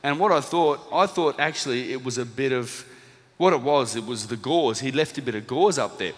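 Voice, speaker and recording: A man in his thirties with an Australian accent, telling a lively anecdote to a live audience and acting out the lines of the people in it. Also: medium pitch, normal speed. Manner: lively storytelling, acting out quoted lines, laughing at himself. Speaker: motivational speaker, former boxer. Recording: reverberant hall.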